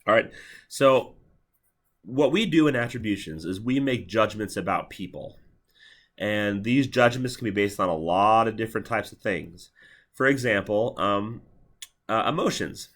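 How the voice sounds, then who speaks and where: A man's voice: fairly low pitch, expressive, unhurried, a bit bright. A man in his thirties giving a university lecture in a lecture hall, talking casually with many fillers and restarts. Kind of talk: classroom lecture.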